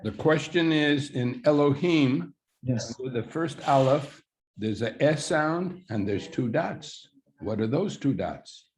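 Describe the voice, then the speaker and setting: A man with a gravelly voice asks questions in an online class, heard over a video call. He presses a little on his point until the answer satisfies him. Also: medium pitch, animated, takes it slowly. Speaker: student.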